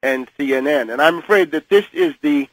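Older man, higher voice, halting commentary. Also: dry recording, poor audio. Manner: hesitant, repeats words, pointed criticism. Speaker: guest commentator. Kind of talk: phone-in radio interview.

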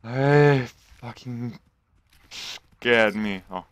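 A man hosting a gaming channel, giving let's play commentary with loud, sweary reactions to the game. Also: fairly low pitch, takes it slowly, a little hiss or hum.

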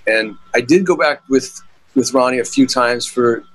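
Middle-aged man, guitarist telling road stories, rambling, lots of ums, mid-pitched voice. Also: normal speed, poor audio. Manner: rambling, many restarts and fillers, acts out quotes. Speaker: guitarist being interviewed. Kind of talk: casual interview storytelling.

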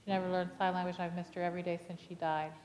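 A woman pastor with a fairly low voice preaches in a church sanctuary, telling stories and acting out the lines of the people in them. Now and then she stops to ask the congregation a question. Her voice rings with the long reverb of the church hall. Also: flat delivery, very fast, a little mellow, a little hiss or hum. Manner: storytelling, acting out dialogue, asking the congregation questions. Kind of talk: sermon.

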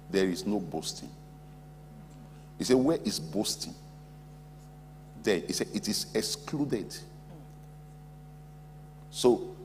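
A man preaching a sermon as pastor in a large auditorium, animated, acting out imagined church members. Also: on the low side. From West Africa. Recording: long hall reverb, faint hum.

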